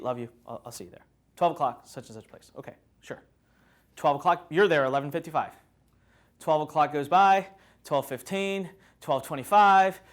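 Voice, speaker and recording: A man with a high voice delivers a live motivational seminar to a workshop audience. He tells stories animatedly, acting out little scenes and joking with the room as he goes. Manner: animated storytelling, acts out scenes, jokes with the audience. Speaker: motivational speaker.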